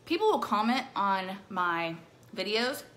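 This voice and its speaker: A woman's voice: medium pitch, very animated, unhurried, a bit bright. A middle-aged woman chatting casually through a makeup tutorial, bubbly and playful, with silly rhyming words. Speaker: makeup vlogger.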